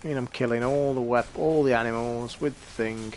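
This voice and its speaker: A man's voice: medium pitch, steady tone, brisk, a little mellow, a little hiss or hum. A tired British man chatting casually and rambling, with occasional swearing, as he wraps up his game live stream. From Britain.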